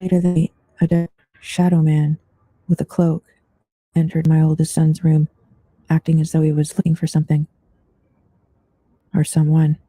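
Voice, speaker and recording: A man hosting an open panel, reading listeners' true ghost stories aloud in a steady, even storytelling delivery. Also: fairly high pitch, moderate pace, pauses often, no echo. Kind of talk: scripted true-story narration.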